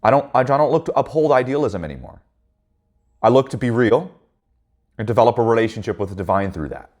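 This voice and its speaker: A man's voice: medium pitch, animated, brisk, darkish tone. A man leading a men's group, telling a personal story in a blunt, heated, profane way.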